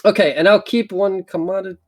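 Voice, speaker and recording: Higher-voiced man checking the deal. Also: fairly even intonation, fairly quick. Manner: careful, restates deals to clarify. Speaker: board game player. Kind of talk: casual game-table chat.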